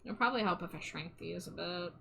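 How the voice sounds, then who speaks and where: A woman on a live stream talks casually as she draws, her voice bright and a touch sharp. She chats and rambles, trailing off mid-sentence and poking fun at herself. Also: on the low side, fast, gravelly, a little hiss or hum, poor audio. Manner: chatty, self-deprecating, trailing off. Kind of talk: casual live-stream chat while drawing.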